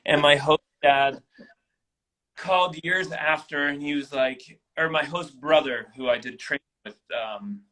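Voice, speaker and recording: A man in his thirties, a guest in an interview, telling personal stories in a casual, animated way. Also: fairly high pitch, a little slow, low-quality recording. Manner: animated, acts out quoted voices.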